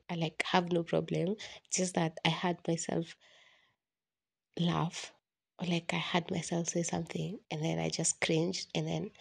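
A woman hosts a solo podcast in a low, creaky, husky voice with a darkish tone. She talks candidly and rambles as if writing a journal entry, laughing and poking fun at herself.

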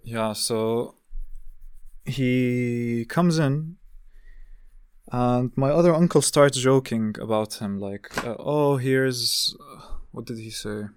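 Frustrated young man ranting, smooth dry voice. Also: mid-range voice, slow, pauses often, no room sound. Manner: frustrated, swearing, rambling with restarts. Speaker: vlogger recounting a family call. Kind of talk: casual ranting monologue.

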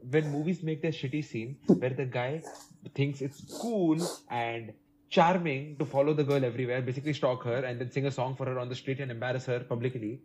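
A man's voice: medium pitch, steady tone, a little fast, a little mellow, a little hiss or hum. A man co-hosting a casual podcast chat, swearing freely and riffing in long rants. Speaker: podcast co-host.

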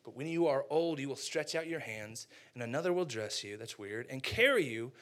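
A young man preaching a casual sermon, retelling a story with animated quoted voices and slangy asides. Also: medium pitch, moderate pace.

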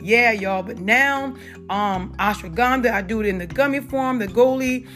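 Southern-accented woman host, middle-aged, loose unscripted talk full of "y'all", pitched a bit high. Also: moderate pace, fairly bright tone, soft background music. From South Carolina. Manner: chatty, repeats "you guys" and "y'all", many fillers. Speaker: holistic health talk host. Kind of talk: unedited casual health and faith talk.

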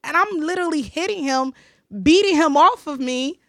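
A woman's voice: high voice, moderate pace, fairly bright tone, no room sound. A woman hosting a casual conversation, talking emphatically and repeating phrases for stress. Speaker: podcast host.

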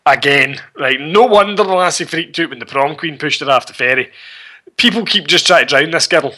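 A man's voice: a little high, brisk, sharp tone. A middle-aged man, recapping a film in casual, sweary, rambling chat with chuckles. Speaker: podcast co-host.

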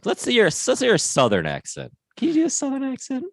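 A man co-hosting a comedy podcast, wry and quick to laugh in casual banter. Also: extremely high pitch, creaky, husky. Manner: animated, wry, laughs often. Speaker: podcast co-host.

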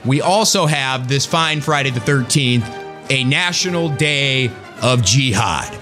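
A man's voice: mid-range voice, expressive, unhurried, over music. A man hosting a casual opinion show, talking in a blunt, preachy and sarcastic way. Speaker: show host.

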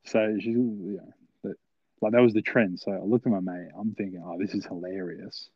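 A man's voice: fairly low pitch, fairly even intonation, brisk, no room sound, highs cut off. Rambling, swearing young man. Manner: rambling, profane, filler-heavy. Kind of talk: casual storytelling.

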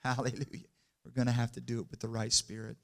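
A man preaching a sermon in church, calling for amens and building from quiet to loud and emphatic. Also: mid-range voice, flat delivery, quick pace, gravelly. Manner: call-and-response, asks the congregation for amens.

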